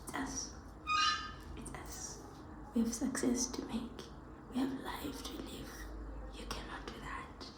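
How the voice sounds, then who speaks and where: A tearful young woman whispering urgent, soothing words to herself, recorded from a distance on a quiet clip. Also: slow, pauses often, heavy reverb. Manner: hushed, urgent, self-soothing. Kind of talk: whispered self-talk.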